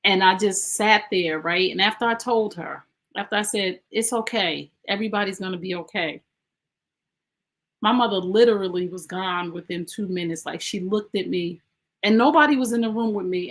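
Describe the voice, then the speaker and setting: A woman's voice: medium pitch, fairly bright tone. Woman, podcast host, emphatic, conversational, personal storytelling. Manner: emphatic, conversational, speaking straight to listeners.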